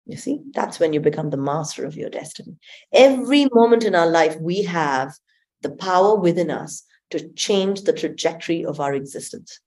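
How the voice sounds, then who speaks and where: Woman, lowish voice, expressive guest coach who tells stories and laughs often. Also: moderate pace. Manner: expressive storyteller, laughs often and acts out quotes. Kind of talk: spiritual conversation.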